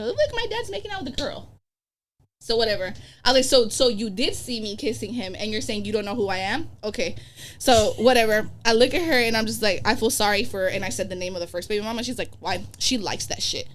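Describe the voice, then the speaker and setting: Woman podcast guest, quick pace, salty, acts out every quote, casual storytelling, middle pitch. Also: slight background noise. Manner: profane, acts out quoted dialogue. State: pregnant.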